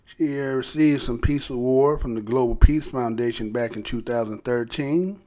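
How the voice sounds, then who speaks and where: A man's voice: medium pitch, moderate pace, mellow. A man hosting his own commentary channel, talking loosely with many fillers and tag questions. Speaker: channel host. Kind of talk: casual news commentary.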